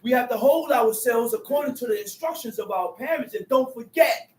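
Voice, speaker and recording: High-voiced guy preaching loud, shouting verses back, echoey and far from the mic. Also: fairly quick. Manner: loud, emphatic preaching with shouted repeats of scripture. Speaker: street preacher teaching from scripture. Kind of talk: call-and-response sermon.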